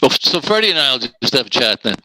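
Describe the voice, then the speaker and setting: A Canadian man, an actor guest, telling an animated story on a video call and swearing freely. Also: medium pitch, fast, very noisy.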